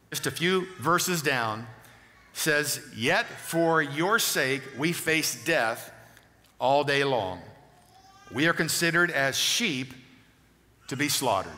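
A man preaching a sermon with a fairly high, bright voice. He reads long scripture passages and breaks in with quick questions to his listeners. His voice rings with the long reverb of a large hall. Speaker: pastor.

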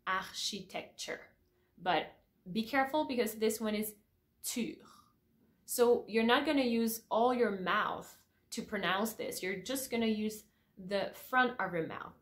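A woman teaching pronunciation, repeating each word slowly and checking in with "all right?" after each point. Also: medium pitch, a bit bright. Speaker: French teacher. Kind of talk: pronunciation lesson to camera.

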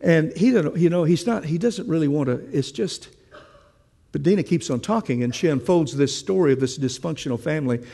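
Preacher guy, gravelly husky voice, chatty sermon, keeps asking the crowd questions. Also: on the high side, expressive, fairly quick, warm tone, big-room sound. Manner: conversational, asks the congregation questions. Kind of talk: sermon with storytelling.

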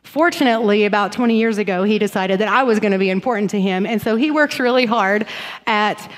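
A woman's voice: medium pitch, brisk. A woman in her forties co-preaching a sermon on a church stage, telling stories with lots of laughter. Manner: bubbly, laughing storyteller. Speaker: pastor's wife co-preaching. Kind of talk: sermon with personal storytelling. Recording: long reverb of a church hall.

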